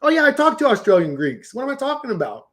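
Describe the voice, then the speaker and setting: A man's voice: very high voice, big pitch swings, fast, fairly bright tone. A man chatting casually on a livestream, rambling and swearing, often restarting his words.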